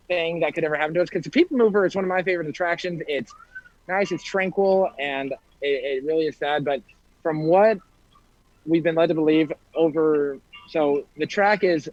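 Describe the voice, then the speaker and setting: A man's voice: a little high, dry recording. A man co-hosting a casual podcast chat from out in a theme park, talking through earbuds, playful with jokey asides. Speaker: podcast co-host. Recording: dull lo-fi sound.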